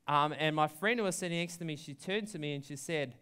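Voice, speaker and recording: Speaking quickly in a fairly high, bright voice that is forceful, clear and resonant, this young pastor chats his way through a sermon story. Ums and likes come often, and he breaks into laughter at his own anecdote.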